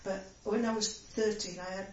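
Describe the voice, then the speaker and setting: An older woman from reminisces in a gentle, halting way, full of fillers. She sits far from the mic in a very echoey room, and the sound is dull. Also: mid-range voice, fairly even intonation, slight background noise. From Sheffield area, England. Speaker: interviewee. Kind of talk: oral history reminiscence.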